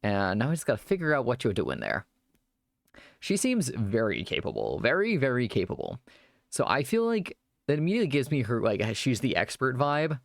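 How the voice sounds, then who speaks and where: Brief: rambling male streamer, lively voice with a gravelly edge, dry close sound. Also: medium pitch, normal speed, no echo. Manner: rambling, chatty, improvising; thanks viewers for follows. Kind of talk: casual live-stream chat.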